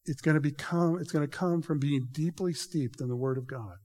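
A man's voice: on the high side, fairly quick, a little mellow. A man preaching a sermon in an emphatic, conversational way, addressing the congregation directly. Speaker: pastor. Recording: reverberant hall.

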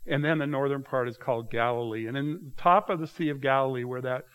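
A man's voice: mid-range voice, quick pace, a bit bright, rough recording. A man preaching a conversational, teacherly sermon that walks listeners through a Bible passage. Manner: conversational, teacherly, often asks "okay?". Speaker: pastor. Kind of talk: expository sermon.

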